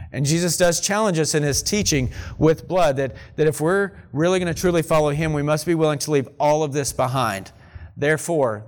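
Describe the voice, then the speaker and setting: A man delivers a sermon to his congregation. He speaks in an earnest, conversational way, dropping in folksy asides as he explains the passage. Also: mid-range voice. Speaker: pastor. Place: church sanctuary.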